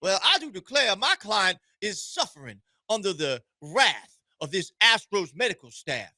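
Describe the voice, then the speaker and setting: A man's voice: high voice, sing-song, normal speed, pushed and bright, no echo, full character voice. Man doing a pompous Southern trial lawyer. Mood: pompous outrage. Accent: American Southern drawl, put on. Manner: pompous, declaiming, theatrical outrage. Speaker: radio host.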